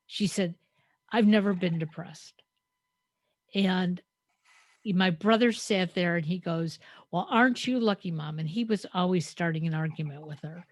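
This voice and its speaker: Woman podcast co-host, lowish voice, dry close sound, reflective storyteller. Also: a little mellow, dry recording. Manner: reflective, storytelling with hesitant fillers. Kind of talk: conversational podcast talk.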